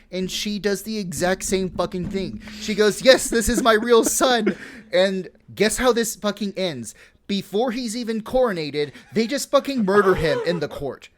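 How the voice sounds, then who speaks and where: A man hosting a podcast, casually retelling history with lots of swearing, laughs and fillers. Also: high-pitched. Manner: profane, laughing, full of fillers. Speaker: podcast host.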